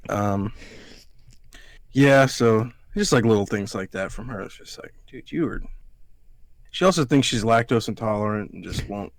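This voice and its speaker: A man's voice: fairly low pitch, normal speed, pauses often, no room sound. Profane rambling podcast guy from Alabama. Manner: profane, rambling storyteller who acts out quotes. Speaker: podcast co-host. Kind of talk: casual chat.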